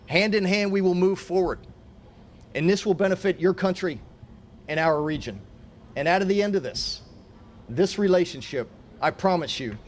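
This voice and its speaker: Middle-aged man, high voice, formal podium speech as mayor, emphatic and repetitive, faint room noise.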